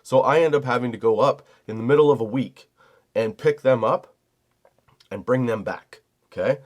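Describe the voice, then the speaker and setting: A man's voice: mid-range voice, moderate pace, a little mellow, lo-fi sound. A middle-aged man hosting a comedy podcast, telling a heated, profane story as a single dad. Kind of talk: storytelling monologue.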